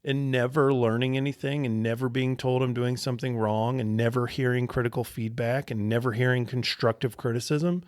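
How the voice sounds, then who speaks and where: A podcast host telling a personal story, casual and animated, with steady swearing. His voice sits at an ordinary male pitch, and the sound is dry, close and free of echo. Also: brisk, few pauses.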